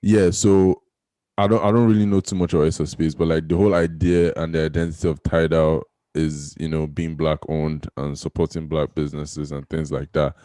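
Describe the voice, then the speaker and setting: A man on a podcast panel who speaks quickly and tentatively, tripping over his words. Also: very deep voice, little pitch movement, dark tone, no echo. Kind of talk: casual chat.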